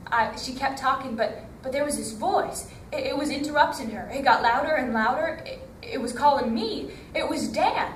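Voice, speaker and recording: A woman's voice: sits high, a little fast, hardly any pauses, slight background noise. A woman performing a dramatic first-person story, with emotional, theatrical narration. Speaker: storytelling competitor. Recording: echoey hall from far off.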